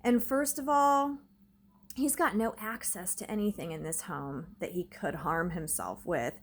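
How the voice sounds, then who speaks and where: A woman's voice: fairly low pitch, a little slow. A woman vlogging from her own home, telling a story in an agitated, rambling way, full of "like". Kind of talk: casual storytelling to camera.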